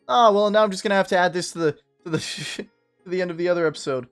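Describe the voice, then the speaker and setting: A man giving casual gameplay commentary as a video creator, with loud, profane, exasperated outbursts. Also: high-pitched, fast, smooth, faint music behind.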